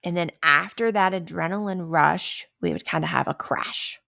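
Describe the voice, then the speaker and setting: With a lowish, creaky voice that sounds pushed and bright, a woman hosts a wellness podcast at a moderate pace. Her style is casual and conversational, full of acted-out everyday stress and repeated "right?"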